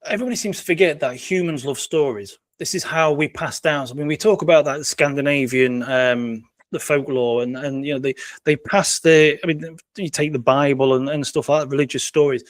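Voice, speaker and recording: A man's voice: fairly high pitch, a little fast, no echo. A British man from the UK, a guest in a casual interview, who rambles and repeats his words as he talks. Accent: British English.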